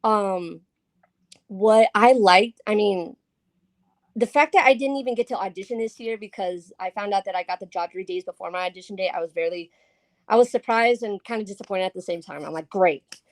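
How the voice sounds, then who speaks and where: A woman's voice: medium pitch, fairly quick, no echo. Chatty woman scare actor, dry sound. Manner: chatty, giggly, full of fillers. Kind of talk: casual podcast chat.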